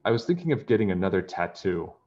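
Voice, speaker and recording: A man voicing a big, scruffy but polite male pirate in a storybook, quick and eager. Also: low voice, big pitch swings, darkish tone, lo-fi sound. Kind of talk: storybook character voice.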